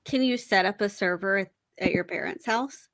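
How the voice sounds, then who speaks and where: A woman's voice: mid-range voice, moderate pace, a bit bright, dry recording. A woman co-hosting a casual live stream chat, laid-back and giggly.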